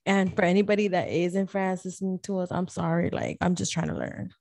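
Loud playful young woman, slangy banter. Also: on the low side, steady tone, fairly quick, creaky, no echo, clean studio sound. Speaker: podcast co-host. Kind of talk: casual chat.

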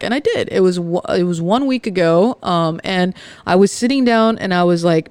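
A woman hosting her own podcast, talking earnestly and confessionally, with frequent pauses and fillers. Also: medium pitch, darkish tone, no echo. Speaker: podcast host. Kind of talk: candid personal podcast monologue.

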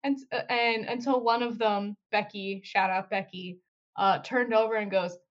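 A young woman co-hosting a casual podcast group chat talks at length, laughs often and says "like" constantly. Her mid-range voice keeps a fairly even intonation at a moderate pace, and the lo-fi recording sounds muffled.

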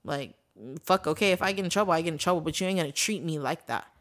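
Woman podcast co-host, lowish voice, casual, fired up and blunt. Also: quick pace, a bit bright. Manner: blunt, heated, heavy swearing. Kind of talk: casual chat.

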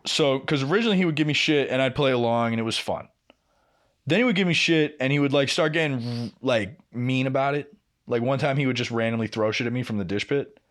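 A young man co-hosting a podcast casually tells a long story about work in a mid-range voice, speaking a little fast. He swears often and animatedly acts out both sides of the arguments he quotes.

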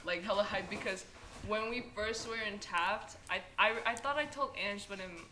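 A young woman hosting a podcast, telling animated stories and laughing as she acts out what people said. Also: mid-range voice, moderate pace. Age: young adult. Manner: animated storytelling, laughs often, acts out quotes. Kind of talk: casual chat.

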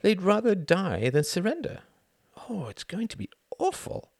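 A man's voice: high voice, wildly swooping pitch, moderate pace, gravelly, a little mellow, no echo, clean studio sound, pitched above the performer's own voice, exaggerated voice. A man reading the part of a weary, cynical older aristocratic diplomat with a sardonic drawl.

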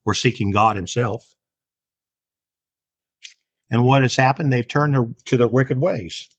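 A man giving a Bible lesson in a slow, deliberate way, with many pauses and fillers. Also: mid-range voice, slightly rough, dry recording. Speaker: Bible teacher.

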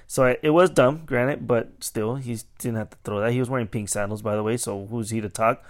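A man's voice: mid-range voice, fairly quick. Man telling a rambling, profane story. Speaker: podcast host. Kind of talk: casual storytelling.

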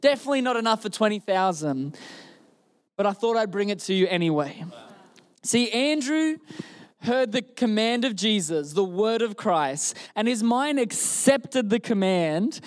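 A male pastor delivering a sermon at a church service, his voice pitched unusually high. He tells the story in a playful, animated way, mixing jokes into the preaching. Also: clean tone.

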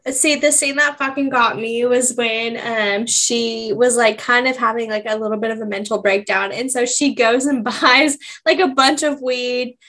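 A woman co-hosting a casual book-club podcast, talking in an animated, emotional way about a novel's sad and funny scenes. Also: on the high side, normal speed, few pauses. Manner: animated and emotional, laughing through sad parts. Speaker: podcast co-host.

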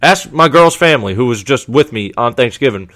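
This sports show host speaks briskly at a medium pitch, delivering a casual, animated monologue packed with rhetorical questions and repeated points.

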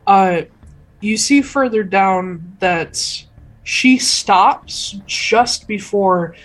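A woman narrating a tabletop game as game master, unhurried and pausing often. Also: mid-range voice, poor audio. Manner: unhurried, hesitant, many filler pauses.

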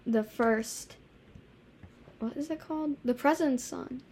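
A woman's voice: sits high, unhurried, a little mellow. Easygoing young woman podcaster, faint noise. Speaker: podcast co-host. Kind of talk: casual chat.

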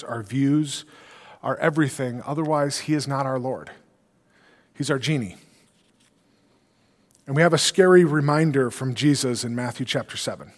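A man's voice: mid-range voice, in a large hall. A male pastor delivering an earnest sermon, quoting scripture and asking rhetorical questions.

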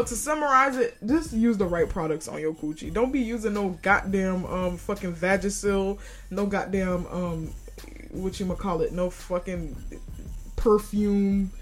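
A woman hosting a podcast, delivering a profane comedic rant and laughing often. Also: on the high side. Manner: profane, loud, laughs a lot, yells mid-story. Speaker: podcast host. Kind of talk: casual comedic monologue.

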